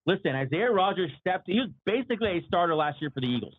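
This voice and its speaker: A man co-hosting a casual sports talk livestream, clearing his throat often and slightly losing his voice, over a tinny remote line. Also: high voice, lively intonation, fast, no echo. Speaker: podcast co-host.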